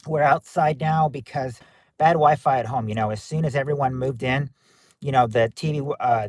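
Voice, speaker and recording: A man's voice: medium pitch, darkish tone, no room sound. Southern guy from kentucky streaming outside, reading chat, stop-start talk, dry close sound. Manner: reads viewer chat aloud and answers, halting with restarts. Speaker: livestream host. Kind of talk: casual livestream chat. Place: outdoors.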